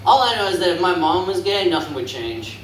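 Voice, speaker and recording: A man's voice: high-pitched, sing-song, fairly quick, a little hiss or hum. Stand-up guy in a club, rambly and unsure, voice swings up and down, echoey and a bit distant. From Canada. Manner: rambling, hesitant, self-deprecating. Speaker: stand-up comedian. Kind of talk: stand-up set. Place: comedy club stage. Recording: echoey room, mic from afar.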